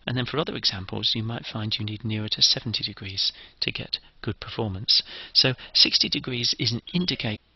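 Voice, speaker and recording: A man's voice: fairly low pitch, brisk, hardly any pauses, bright, forceful tone, husky, dry recording, muffled recording. A man giving a methodical, step-by-step engineering lecture.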